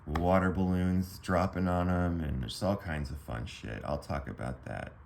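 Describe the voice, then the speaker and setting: A man's voice: sits low, normal speed, gravelly, darkish tone, slight background noise. A man casually telling a personal story to camera, rambling and profane, with many fillers and restarts.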